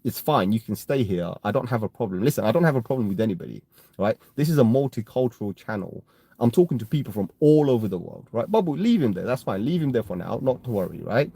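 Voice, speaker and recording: British male stream host, rambling and heated, mellow husky voice. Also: medium pitch, expressive, fast, no echo. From United Kingdom. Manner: rambling, repeats "right?" and restarts, gets heated. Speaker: crypto livestream host. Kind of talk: casual live-stream talk to chat.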